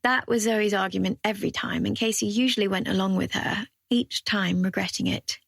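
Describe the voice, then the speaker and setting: A woman reads an audiobook thriller in an even, measured way. Her voice has a gravelly fry and a husky grain. The recording is close and dry. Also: medium pitch, no room sound. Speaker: audiobook narrator. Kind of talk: scripted narration.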